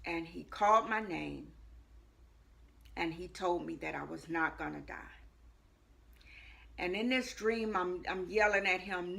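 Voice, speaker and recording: A woman, a life coach, telling her personal testimony in earnest, repeating phrases for weight and moving between hushed and loud moments. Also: fairly low pitch, measured pace, vocal fry, pauses often. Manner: earnest storytelling with frequent repetition; shifts between hushed and loud as she tells it.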